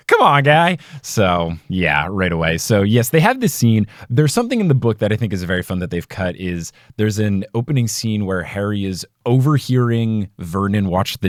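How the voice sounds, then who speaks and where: A young American man hosting a casual podcast, jokey and animated, fond of putting on silly voices. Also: low voice, moderate pace, few pauses, no room sound, clean studio sound. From United States. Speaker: podcast host.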